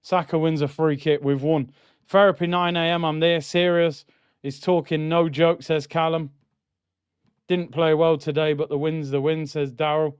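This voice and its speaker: A man's voice: a little high, moderate pace, clean tone, no room sound, highs cut off. A young man streaming a live football watchalong, reacting to the match and reading out chat comments. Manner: excitable, shouts at goals, then grumbles and reads comments.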